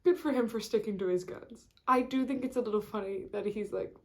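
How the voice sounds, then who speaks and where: A woman's voice: mid-range voice, brisk, few pauses, darkish tone. A woman vlogging in a casual, rambling chat to camera, full of fillers and restarts.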